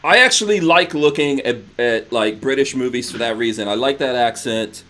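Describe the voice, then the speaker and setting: A man's voice: mid-range voice, expressive, normal speed, bright, forceful tone. A man hosting a podcast in casual chat, joking and teasing his guest and laughing often. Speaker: podcast host.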